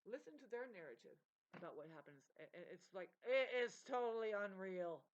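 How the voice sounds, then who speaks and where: Female vlogger, middle-pitched, profane, digressive monologue with emphatic bursts. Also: expressive, fairly quick, muffled recording. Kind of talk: unscripted rambling rant.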